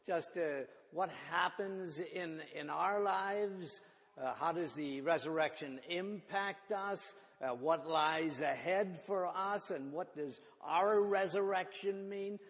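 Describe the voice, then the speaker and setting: A man preaching a sermon, halting and repeating words as he thinks aloud. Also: sits high, a bit bright. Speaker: pastor. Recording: reverberant church hall.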